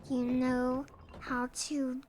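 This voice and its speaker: High-voiced, playful woman streamer. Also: completely flat delivery, takes it slowly, a little mellow, a little hiss or hum. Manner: playful, jokey and self-amused. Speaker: game streamer. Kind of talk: casual gameplay commentary.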